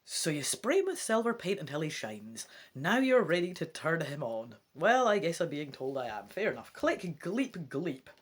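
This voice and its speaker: A woman's voice: sits low, sing-song, normal speed, hardly any pauses. A Scottish woman reading a gamebook aloud, breaking off into cheeky, chatty asides to her viewers. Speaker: let's play reader.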